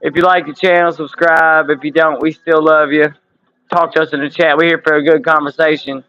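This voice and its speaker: Bright-voiced man in his thirties, streaming. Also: a little high, little pitch movement, brisk, smooth, no echo, muffled recording. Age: 30s. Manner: profane, laughing, loose banter. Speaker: livestream host. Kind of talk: casual livestream chat. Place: home room with window air conditioner.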